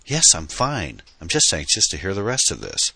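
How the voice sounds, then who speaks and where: A man reading an audiobook, voicing a young woman who is excitable and awestruck and tells her story in a breathless rush. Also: deep voice, vocal fry, breathy edge, dry recording, voice pushed up, heavily acted. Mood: subdued. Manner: breathless, rushed telling.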